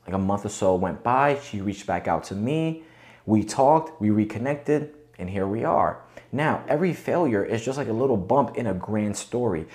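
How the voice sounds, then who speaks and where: Fairly low in pitch and darkish in tone, a male podcast host speaks casually in a motivational monologue, coaching his listeners through frequent rhetorical check-ins.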